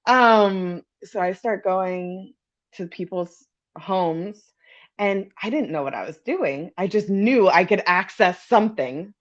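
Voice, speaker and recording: A woman's voice: medium pitch, takes it slowly, highs cut off. A woman in casual storytelling as a psychic guest, candid, laughing easily and swearing. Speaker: psychic and energy healer guest.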